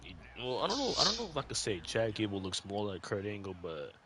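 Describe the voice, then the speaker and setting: Man, podcast co-host, lively pitch, casual slang, laughing asides. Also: fast talker, heavy background noise. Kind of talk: casual wrestling review chat.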